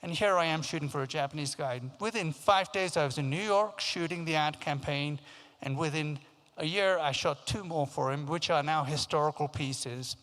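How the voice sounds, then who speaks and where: A man's voice: on the high side, moderate pace. A man in his fifties from Africa, raised in England, telling anecdotes at a forum and acting out the voices of the people in his stories. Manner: lively anecdotal storytelling, acting out quoted voices. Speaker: keynote speaker. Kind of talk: storytelling talk. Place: large conference hall. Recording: long hall reverb.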